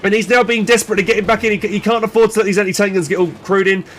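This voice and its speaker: A man casting a strategy game match in excited play-by-play, exclaiming and swearing, with frequent restarts and fillers. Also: high voice, very fast, slight background noise. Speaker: game caster.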